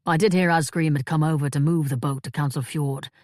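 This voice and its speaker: A woman voicing a wise, calm male monk in an audiobook, speaking in a measured, solemn way. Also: low-pitched, no echo, studio quality, lightly acted. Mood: grave. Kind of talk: audiobook character voice.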